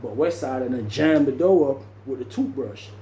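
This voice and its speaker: A man casually recounts his time in jail in a relaxed, mellow, mid-range voice at normal speed, animatedly acting out the people involved and throwing in sound effects. The room is echoey, with a faint hum of ambience underneath.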